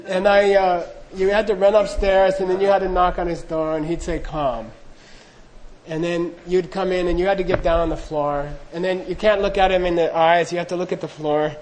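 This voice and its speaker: High-voiced middle-aged man telling a funny story. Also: flat delivery, a little fast, hardly any pauses, a little mellow, a little hiss or hum, rough recording. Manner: self-deprecating, loose and anecdotal, acts out quoted dialogue. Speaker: speaker recounting monastery training. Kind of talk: humorous storytelling to an audience.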